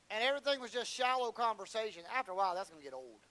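A man's voice: high-pitched, animated, very fast, few pauses, sharp tone, rough recording. A man preaching a sermon, acting out whiny prayers and bits of dialogue for humor.

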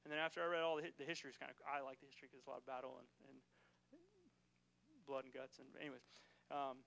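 A man's voice: mid-range voice, flat delivery, racing, vocal fry, fairly bright tone, low-quality recording. A man preaching a casual, conversational sermon in a church, often checking in with the congregation. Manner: casual, keeps asking "right?" to the congregation.

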